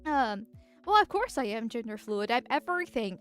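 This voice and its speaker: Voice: medium pitch, sing-song, normal speed, a bit bright, smooth, faint music behind. A political vtuber streamer chatting casually and reading chat, speaking through a voice changer in a rambling, giggly way. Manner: rambling and giggly, with frequent restarts.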